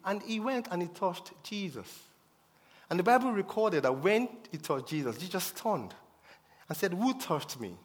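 Man preaching in an echoey church hall, fairly high voice, hammers his points home. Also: sing-song, normal speed. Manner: emphatic, repeats key phrases. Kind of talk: sermon. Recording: long reverb of a hall.

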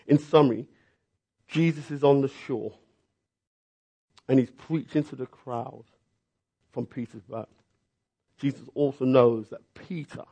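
A man preaching a sermon, telling the story with lively, acted-out reactions. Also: medium pitch, vocal fry, breathy edge. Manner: animated storytelling, acting out reactions.

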